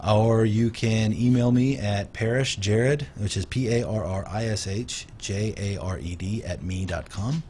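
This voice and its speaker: Brief: male insurance consultant on air, low and halting, explaining patiently. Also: warm tone, a little hiss or hum. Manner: hesitant, explanatory, many fillers. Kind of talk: casual radio interview. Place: radio studio.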